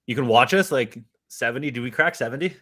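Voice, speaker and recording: Man, podcast co-host, jokey, excitable, swears casually, mid-pitched voice. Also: fast. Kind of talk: casual live-stream podcast chat.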